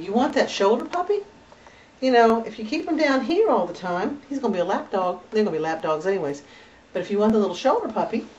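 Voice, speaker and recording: Filmed on a camera held by a helper, a dog breeder walks viewers through her home, where the puppies are, talking in a doting, chatty way full of fillers during this casual tour. She has a fairly low, a little mellow voice. The camera audio is slightly distant and dull, with slight background noise.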